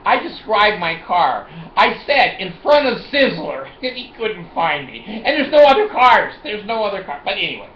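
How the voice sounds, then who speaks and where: A man recounts a personal story in a vlog, acting out each exchange with laughs and curses. His voice sits fairly high and swings widely in pitch. The recording is muffled and lo-fi, with a roomy echo. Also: moderate pace, few pauses, slight background noise. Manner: animated, acts out dialogue, laughs and swears. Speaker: vlogger. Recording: echoey, dull lo-fi room recording.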